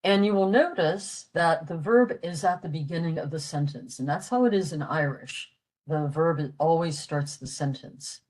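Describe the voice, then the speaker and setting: An older woman explaining a language lesson for a library talk, halting with many fillers. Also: low-pitched, darkish tone, poor audio. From western Pennsylvania, USA. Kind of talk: explaining a lecture.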